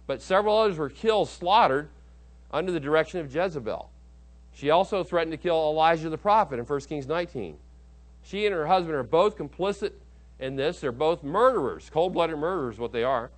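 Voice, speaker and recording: A male pastor delivering a sermon, emphatic, with rhetorical questions to the congregation. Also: on the high side. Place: church auditorium.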